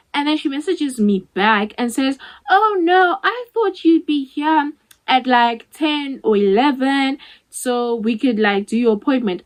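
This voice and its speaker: A woman's voice: a little high, rough recording. A young South African woman in her twenties telling a storytime vlog in a chatty way, acting out the dialogue with many "like" fillers. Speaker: vlogger.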